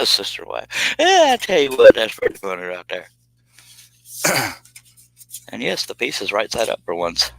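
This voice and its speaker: A man's voice: lowish voice, huge pitch swings, a little slow, gravelly, pauses often, fairly bright tone, poor audio. A man from the United States, chatting casually with viewers on a live stream, joking and rambling off on tangents. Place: home streaming space.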